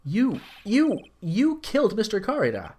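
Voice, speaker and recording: A flustered, earnest young defense lawyer stumbles over his words when cornered, read by a man playing through a game. His voice jumps higher whenever he is upset. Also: wildly swooping pitch, measured pace, a little mellow, heavily acted. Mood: rattled. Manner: stammering, rattled.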